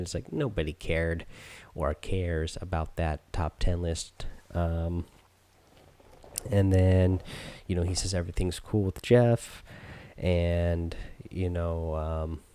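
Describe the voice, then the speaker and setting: A man's voice: low-pitched, mellow. A man hosting a podcast, recapping a show in a loose, rambling way full of ums and uhs. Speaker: podcast host.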